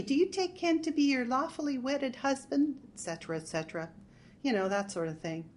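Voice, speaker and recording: A woman's voice: fairly high pitch, voice pushed up. A woman voicing a bitter, sarcastic middle-aged housewife in an audiobook story, talking in an exasperated, sardonic way.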